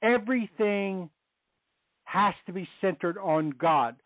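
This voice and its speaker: A man's voice: sits high, slow pace, no room sound. Earnest man on a tinny phone line. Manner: earnest, repeats phrases for emphasis. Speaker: guest on a Catholic radio show. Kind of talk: testimony and teaching on faith.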